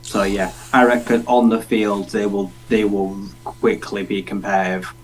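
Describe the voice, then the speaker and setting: A man's voice: lowish voice, level tone, measured pace, slight background noise, rough recording. A man from the United Kingdom co-hosting a casual sports podcast, giving blunt opinions and swearing casually. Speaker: podcast co-host.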